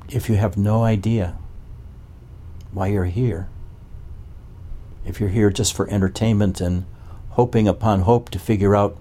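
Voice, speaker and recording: A man's voice: on the low side, steady tone, unhurried, long pauses, mellow. A man as a spiritual teacher, giving a talk to a gathering and asking one probing rhetorical question after another.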